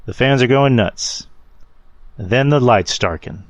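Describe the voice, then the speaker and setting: A man's voice: mid-range voice, slow pace, no room sound. A man co-hosting a wrestling podcast, building up crude jokes like a storyteller. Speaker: podcast co-host. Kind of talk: casual wrestling chat.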